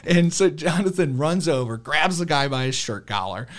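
A young man who works at a car dealership, telling a story in casual conversation, animated, laughing often and swearing freely. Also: a little high, moderate pace.

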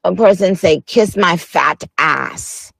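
A woman's voice: lowish voice, slow pace, vocal fry, fairly bright tone, no echo. A woman hosting a radio show, chatting with a guest in a playful, slangy, teasing way. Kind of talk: casual radio interview.

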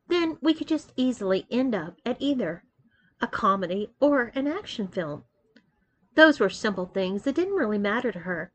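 A woman reads a first-person story aloud in an expressive way, weaving narration between the dialogue. Her voice sits a touch higher than most women's. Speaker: story reader.

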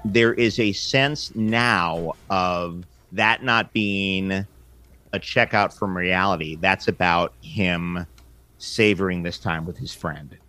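Male podcast co-host, slightly low voice, excitable film buff in casual chat. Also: slow pace. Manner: enthusiastic, animated bursts.

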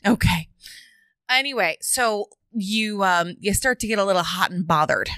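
A woman co-hosting a podcast in casual chat, playful and often laughing, sometimes dropping into a low sultry voice. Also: normal speed, pushed and bright, dry recording, clean studio sound. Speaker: podcast co-host.

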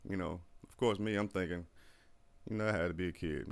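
Brief: man, gravelly low voice, profane animated storyteller. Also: fast talker. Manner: profane, animated storyteller who acts out quotes. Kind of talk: casual storytelling chat.

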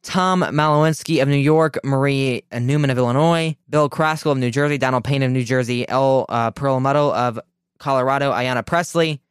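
A man's voice: mid-range voice, normal speed, smooth, no echo. A man hosting a political radio show, delivering an indignant, emphatic commentary monologue with frequent restarts into a close mic.

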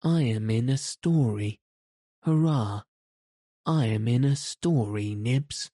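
A man voicing a delighted, innocent small boy who exclaims in a high, gleeful voice, in an audiobook. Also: takes it slowly, mellow, dry recording, clean studio sound.

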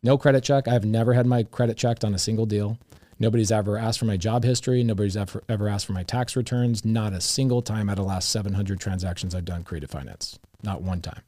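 A man's voice: lowish voice, fast talker, dry recording, clean studio sound. A middle-aged man, an investor guest, telling casual stories and acting out the dialogue in them. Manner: animated, acts out quoted dialogue. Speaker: real estate investor guest. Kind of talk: casual storytelling.

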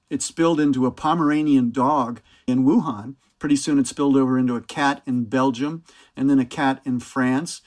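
A man, an author, explaining science in a measured way during a talk to a book club. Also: mid-range voice, a little mellow.

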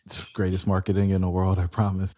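A man's voice: low voice, monotone, quick pace, darkish tone. A man interviewing a guest in casual chat, asking questions with playful, teasing asides.

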